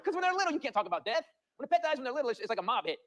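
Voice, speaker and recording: A man doing a stand-up comedy set, telling stories in an animated, rapid-fire way on a club stage. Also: very high voice. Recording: noisy recorded stand-up clip.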